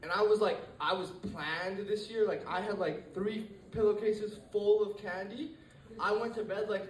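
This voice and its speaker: This teen comic speaks at a moderate pace in a high voice with fairly even intonation, and there is slight background noise. His stand-up set to a live audience rambles, with plenty of fillers and restarts, captured in an echoey room by a distant mic.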